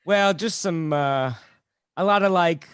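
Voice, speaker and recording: A man co-hosting a podcast, telling relaxed stories with filler words in a casual chat. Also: sits high, slow pace, clean tone, dry recording, clean studio sound.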